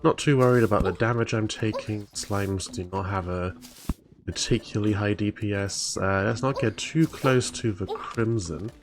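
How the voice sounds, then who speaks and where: A man's voice: fairly low pitch, moderate pace. A man chatting casually as a streamer while playing a modded game, wry and talkative. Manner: wry, chatty, mildly indignant asides. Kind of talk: casual live-stream chat over gameplay.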